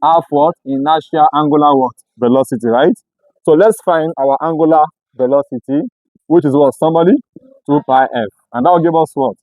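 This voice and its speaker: A man's voice: a little high, a little fast, a little mellow, no echo, low-quality recording. A man teaching a physics class, who keeps asking the students to finish each step of his sentences. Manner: call-and-response questioning. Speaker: physics tutor. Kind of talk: classroom lecture.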